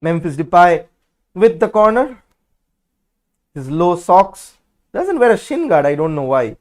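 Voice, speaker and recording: Guy with a pretty high voice doing watch-along commentary, outspoken, gets fired up. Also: unhurried, long pauses. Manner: excitable, blunt and outspoken. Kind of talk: live match commentary.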